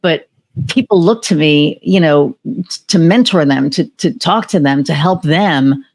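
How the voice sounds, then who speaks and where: A woman's voice: low voice, measured pace. A woman as a podcast guest, animatedly telling a personal story and acting out remembered conversations. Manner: animated, acts out remembered dialogue; many fillers and restarts. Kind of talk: casual storytelling interview.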